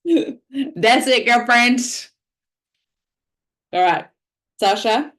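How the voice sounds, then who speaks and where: A woman's voice: fairly high pitch, expressive, very slow, a bit bright. A woman leading an online workshop over a video call, encouraging and swearing casually. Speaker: workshop facilitator.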